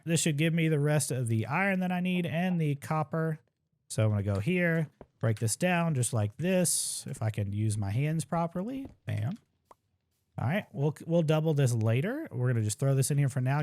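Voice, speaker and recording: Playing through a speedrun, a young man comments live in a casual way, reasoning aloud and joking wryly about his own slip-ups. His fairly high voice has lively intonation and a darkish tone at a normal speed, with no echo on the recording.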